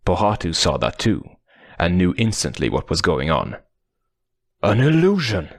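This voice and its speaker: A man narrating an adventure audiobook in a deep, low register with a gravelly, creaky texture. He reads in a measured, dramatic storytelling style. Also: big pitch swings, a bit bright, dry recording, studio quality. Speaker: audiobook reader.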